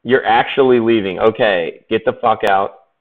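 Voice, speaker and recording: A man's voice: on the low side, normal speed. A man chatting casually while he paints live, joking around and laughing often. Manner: jokey, laughs often, playful banter. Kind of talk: casual chat. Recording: dull, muffled stream audio.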